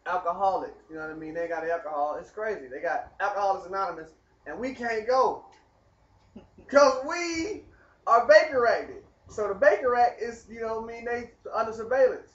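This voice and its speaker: A man telling a rambling personal story in casual, animated talk. He speaks straight to the viewer and keeps asking whether they follow. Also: high voice, normal speed, muffled recording. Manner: animated, talks straight to the viewer, keeps asking "you know what I mean". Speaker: vlogger telling his story.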